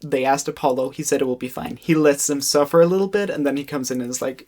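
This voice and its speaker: A man's voice: fairly high pitch, fast talker, few pauses. A young man in his twenties narrating a casual educational video essay with joking, wry asides.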